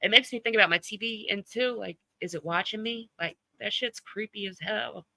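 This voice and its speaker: A woman's voice: medium pitch, normal speed, creaky, pushed and bright, no echo, rough recording. A woman hosting a casual livestream chat, talking loosely, laughing often and swearing freely. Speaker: livestream host.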